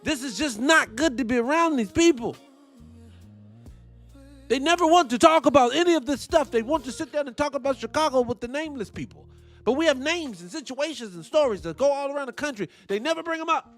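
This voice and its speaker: A man's voice: very high voice, a little fast, soft background music. A man hosting a livestream, ranting heatedly and swearing as he reacts to a debate. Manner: animated, ranting, swearing, mocking voices. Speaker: livestream host. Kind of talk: heated live-stream commentary.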